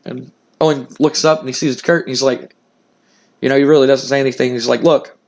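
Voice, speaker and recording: A man's voice: medium pitch, fairly even intonation, a little fast, darkish tone. Rambling man recapping a game. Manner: rambling, many fillers and restarts. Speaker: gaming video host. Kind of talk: casual game playthrough recap.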